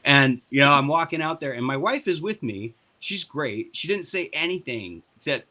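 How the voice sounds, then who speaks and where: A man telling stories in a loose podcast chat, swearing freely and turning sarcastic. His voice is bright and forceful, at a middle pitch for a man. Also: normal speed, hardly any pauses. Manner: profane, animated, sarcastic. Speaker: party board member and guest. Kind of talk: casual podcast storytelling.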